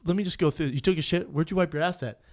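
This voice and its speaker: A man's voice: on the high side, quick pace. A man co-hosting a podcast, teasing his partner in casual chat. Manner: teasing, animated banter. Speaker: podcast co-host.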